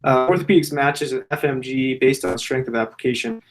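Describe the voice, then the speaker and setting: A man's voice: mid-range voice, a little fast. Laid-back, swearing male surgeon host. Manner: profane, loose storytelling. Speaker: general surgeon hosting a Q&A. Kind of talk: casual Q&A chat.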